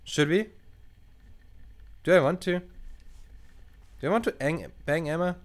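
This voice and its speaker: A man's voice: on the high side, measured pace. A young man, not a native English speaker, casually commenting on a game he plays, thinking aloud and swearing as he reacts. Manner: animated, swearing, thinking aloud while reading choices. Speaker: gaming channel host. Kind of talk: casual let's play commentary.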